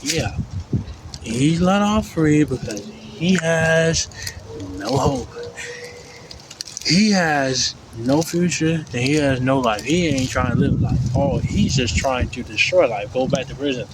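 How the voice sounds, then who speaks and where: A man's voice: mid-range voice, lively intonation, slow pace. A man in a rambling, repetitive, profane casual rant, recorded outdoors. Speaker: vlogger. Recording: outdoor street noise.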